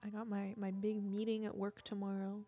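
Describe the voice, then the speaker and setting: A woman's voice: mid-range voice, monotone, brisk, mellow, soft background music. A young woman streamer chatting casually with her viewers, chatty and self-mocking, often laughing at herself.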